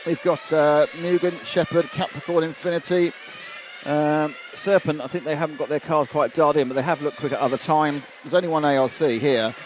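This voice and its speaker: This is a man calling a live race from the trackside. He talks in a relaxed, rambling way and mixes viewer messages into his commentary. His voice sits a little high, and engines and track ambience can be heard clearly behind him. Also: fairly quick. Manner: chatty, reads out viewer messages with asides. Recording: noisy trackside with engine sounds. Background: race car engines and ambience.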